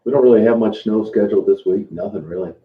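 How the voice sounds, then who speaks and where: Relaxed and halting, a man with a fairly low voice chats informally with his live viewers, dropping fillers and restarting after trailing off. He's a livestream host, and his sound comes through tinny and phone-like in an echoey room.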